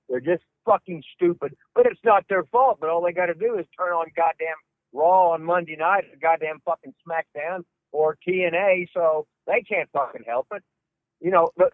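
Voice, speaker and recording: A man's voice: on the high side, no echo. Older man ranting down a phone line. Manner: ranting, heavy cursing, gruff Southern drawl. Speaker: wrestling trainer, guest. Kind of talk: profane storytelling interview. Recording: dry phone-line sound.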